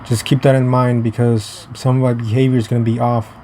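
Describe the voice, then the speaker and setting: A young man tells a story out of doors in a loose, meandering way, stumbling over restarts and dropping fillers and the odd curse. His voice sits at an ordinary middle pitch. Faint traffic hums in the background. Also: level tone, a little fast, mellow. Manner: rambling, profane, many fillers and restarts. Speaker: vlogger. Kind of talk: casual storytelling. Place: outdoors.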